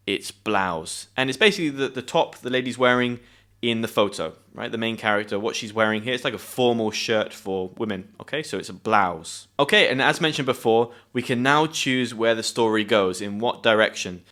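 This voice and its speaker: A British man teaching English, reading a story aloud and pausing to explain words clearly. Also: mid-range voice, pushed and bright. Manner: friendly, clear explanations with pauses to define words.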